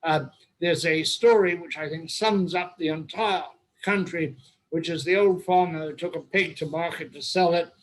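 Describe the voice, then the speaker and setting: A man's voice: on the high side, moderate pace, poor audio. An older man with an English accent hosts an online roundtable, telling long, wry, humorous anecdotes. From England. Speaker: host. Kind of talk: anecdotal storytelling.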